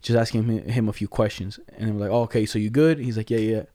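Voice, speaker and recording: A young man telling a story to a friend in casual chat, slangy and animated, laughing often. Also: on the low side, fast, dry recording.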